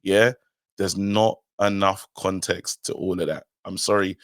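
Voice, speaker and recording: A man's voice: deep voice, little pitch movement, unhurried, fairly bright tone, dry recording. Male co-host, pushy and heated, dry close recording. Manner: heated, insistent, talks over others. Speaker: podcast co-host. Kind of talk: casual football podcast debate.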